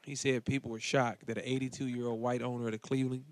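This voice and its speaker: A man's voice: medium pitch, little pitch movement, fast talker, a crowd in the background. A man in casual chat, animatedly retelling comedians' jokes and acting out their voices. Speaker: co-host discussing stand-up comedy.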